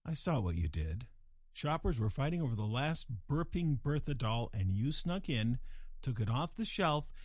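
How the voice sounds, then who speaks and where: An older man hosting a scripted comic monologue with a wry, deadpan edge. His pitch moves a lot as he teases the listener. The sound is close and dry, with no room in it. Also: normal speed, no echo. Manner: dry, wry delivery with playful voices. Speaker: comedic host.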